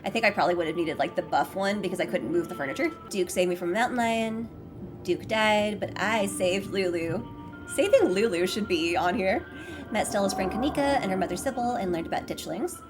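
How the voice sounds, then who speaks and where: Bubbly, excitable woman gamer. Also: mid-range voice. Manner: bubbly and excitable, gushes over characters; switches to a hushed voice to read game text. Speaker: let's play gamer. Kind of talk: casual gameplay commentary.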